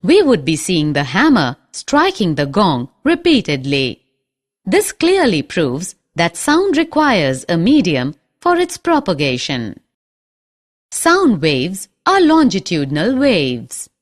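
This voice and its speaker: A woman narrates a school science lesson from a script. Her voice sits on the lower side, but her intonation swings widely, rising high on key terms. The delivery is clear and explanatory. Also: wildly swooping pitch, slow pace.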